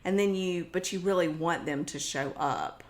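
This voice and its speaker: A woman co-hosting a podcast who chats casually and acts out quoted lines expressively. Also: normal speed. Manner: expressive, acts out quotes with big pitch swings. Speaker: podcast co-host. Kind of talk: casual conversational chat.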